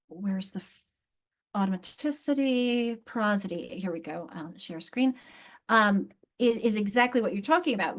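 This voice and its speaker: A woman presenting an online literacy training over a video call, explaining with frequent restarts and emphatic examples. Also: medium pitch.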